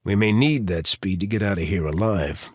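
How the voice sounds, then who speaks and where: Man reading as a cocky undercover man, low voice, smooth, dry close sound. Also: moderate pace, no echo. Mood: calm. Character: cool, confident male undercover operative.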